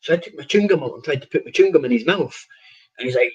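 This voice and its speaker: A man's voice: a little high, rapid-fire, slightly rough, dull audio. A man, a professional boxer telling stories in a casual interview, rambling with restarts and laughing at himself.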